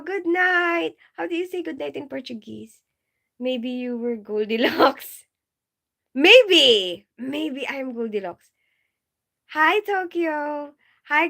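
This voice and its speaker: A woman chats casually on a livestream, giggling as she greets viewers by name. Her voice sits a little high, with a bright, crisp edge. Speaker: nurse livestreamer.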